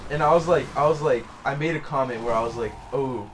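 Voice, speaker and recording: A young man tells a story over gameplay as a let's play commentator, in a mid-range voice at a quick pace. His rambling talk is full of fillers and restarts, and a faint hiss or hum is audible.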